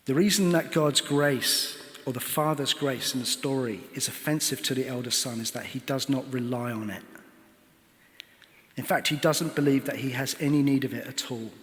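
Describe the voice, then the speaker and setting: A man's voice: medium pitch, moderate pace. A man preaching a sermon, retelling a parable earnestly and asking rhetorical questions. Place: church. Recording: church hall reverb.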